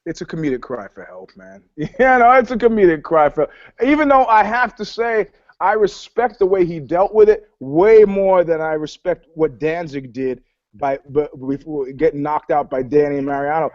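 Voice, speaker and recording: A man with a fairly high voice rambles through profane stories in a casual podcast chat, acting out quotes as he goes. He talks over a video call, and the sound is dull and dry. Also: normal speed, dry recording. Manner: profane, rambling storyteller who acts out quotes. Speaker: panelist.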